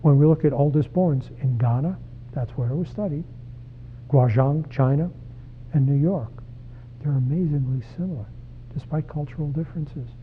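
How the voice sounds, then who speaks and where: Speaking to parents in a church hall, a psychologist in his sixties gives a direct, conversational lecture and puts questions to the audience. His pitch is fairly high and his pace moderate, with long pauses. The recording sounds tinny, like a phone, with slight background noise.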